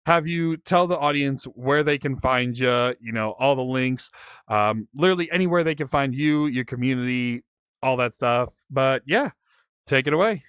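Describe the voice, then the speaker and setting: A man's voice: mid-range voice, moderate pace, a bit bright, clear, resonant tone, dry recording, clean studio sound. A young man hosting a podcast in casual, laid-back chat, often stumbling over his words. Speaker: podcast host.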